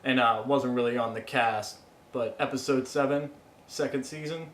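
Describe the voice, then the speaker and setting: A man's voice: mid-range voice, moderate pace, roomy sound, a little hiss or hum, natural voice. A man playing a brash wannabe Jersey Shore bro in a comedy sketch, with a terrible put-on New Jersey accent. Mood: cocky.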